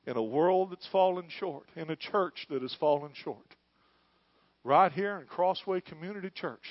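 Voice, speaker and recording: A middle-aged male pastor preaching a sermon in church, moving between quiet, hushed lines and loud, fervent calls. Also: fairly high pitch, expressive, moderate pace, no echo, highs cut off. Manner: preaching, swings from hushed to shouting.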